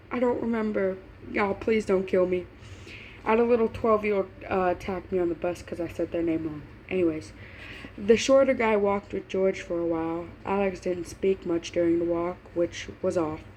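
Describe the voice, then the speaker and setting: Eine Frau liest zu Hause Fan-Fiction vor, plaudernd, stolpert über Wörter, mit leichtem Rauschen im Hintergrund. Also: female voice, fairly low pitch, darkish tone, slight background noise. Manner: chatty, laughing asides, stumbles over words. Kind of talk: casual reading aloud with asides.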